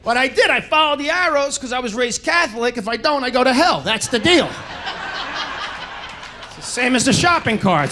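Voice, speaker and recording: A middle-aged American man doing a stand-up comedy set, telling brash, profane stories and shouting his punchlines. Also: very high voice, lively intonation, normal speed, background noise. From United States. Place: comedy club stage.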